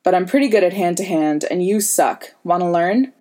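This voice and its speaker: A woman's voice: lowish voice, animated, moderate pace, dark tone, lightly acted. A woman voicing a sardonic, wisecracking adult man prisoner with a dry, lazy drawl. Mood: wry.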